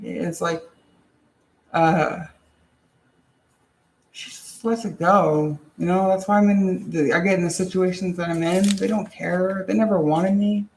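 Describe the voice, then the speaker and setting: A young man telling a personal story in a casual, halting way, with many restarts, fillers and frequent swearing. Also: sits high, fairly even intonation, gravelly, darkish tone, echoey room, a little hiss or hum. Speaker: vlogger.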